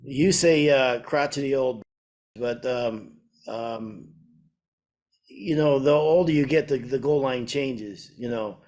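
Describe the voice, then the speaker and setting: A man's voice: medium pitch, takes it slowly, darkish tone. An older man co-hosting a podcast, telling a story in a chatty, hesitant way. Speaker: podcast co-host, flooring contractor. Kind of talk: casual storytelling.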